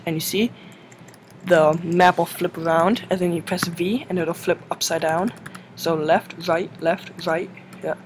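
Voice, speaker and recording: A man's voice: a little high, vocal fry. Rambling young guy, noisy mic. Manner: rambling, heavy use of "like", self-correcting. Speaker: tutorial narrator. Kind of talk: casual screen-recorded game tutorial. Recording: noisy home mic recording.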